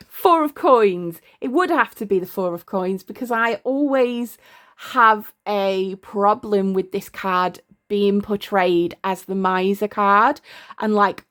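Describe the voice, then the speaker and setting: A middle-aged woman with a mid-range, fairly bright voice vlogs about tarot from her desk indoors. She talks to camera casually and ramblingly, often pausing to find her words.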